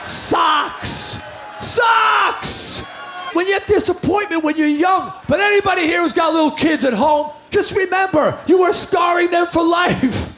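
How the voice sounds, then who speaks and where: A man's voice: very high-pitched, unhurried, fairly bright tone, raised voice, a faint crowd. A man from the New York area telling a brash, joking story on a live stage between songs. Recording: roomy live venue with faint music.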